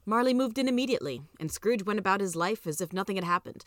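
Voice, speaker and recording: A woman narrating a storybook tale in a measured, even way. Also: mid-range voice, dry recording, clean studio sound. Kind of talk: storybook reading.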